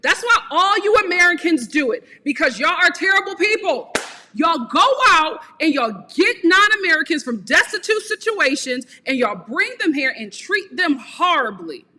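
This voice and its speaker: A woman's voice: high-pitched, very animated, moderate pace, bright, forceful tone, big-room sound, slight background noise. A woman giving a blunt, sassy live review of a reality TV show, often laughing.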